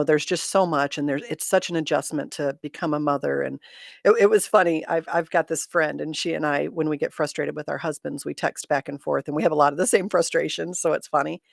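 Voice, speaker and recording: A woman's voice: deep voice, creaky, no room sound, studio quality. A middle-aged woman hosting a casual livestream chat, speaking candidly with self-deprecating humor and reading viewer comments aloud.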